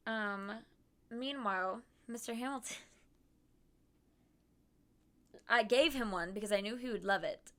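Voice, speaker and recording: A woman's voice: fairly high pitch, fairly bright tone. A woman streamer chatting casually about her trip while showing photos, bubbly and giggly with lots of "um" and "like".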